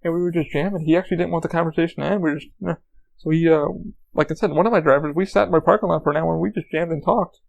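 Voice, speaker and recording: A man's voice: on the high side, steady tone, rapid-fire, creaky. A man hosting a podcast, telling rambling, profane anecdotes in a casual monologue. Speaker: podcast host.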